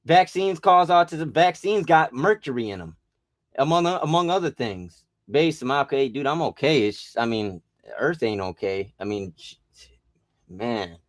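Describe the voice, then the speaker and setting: A man's voice: medium pitch, lively intonation, unhurried, no echo. Rambling, profane man ranting into a dry mic. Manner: rambling, profane, agitated, with restarts. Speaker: vlogger. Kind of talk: rambling conspiracy rant.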